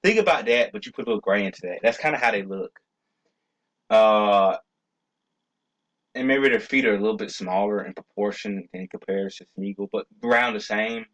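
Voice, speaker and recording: A young man with a somewhat low voice, talking to his viewers in a loose, unscripted ramble. He stumbles and repeats words, tosses in cuss words, and leans on plenty of "uh"s. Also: moderate pace, fairly bright tone, poor audio. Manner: loose and rambling, with many fillers, stammered restarts and cussing. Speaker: video creator. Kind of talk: casual rambling vlog talk.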